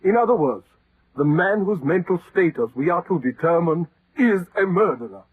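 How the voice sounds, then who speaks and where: An actor in 1940s radio acting, playing a pompous male chairman of a lunacy commission who hesitates and clears his throat. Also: high voice, expressive, moderate pace, no echo. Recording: dry, tinny old radio recording.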